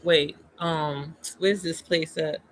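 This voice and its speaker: A man's voice: fairly high pitch, steady tone, slow, slight background noise, rough recording. A man talking casually on a livestream, emphatic and rambling, with frequent restarts. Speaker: streamer.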